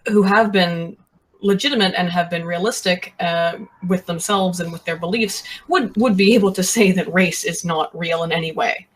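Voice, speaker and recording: Halting, wordy male debate guest. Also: sits high. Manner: wordy, halting, formal vocabulary. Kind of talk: casual debate talk.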